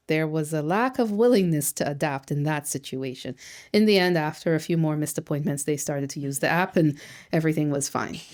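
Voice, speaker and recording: Lively lower-voiced woman therapist. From Canada. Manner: lively, emphatic, uses rhetorical questions and acted quotes. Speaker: social worker and therapist. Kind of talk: educational talk.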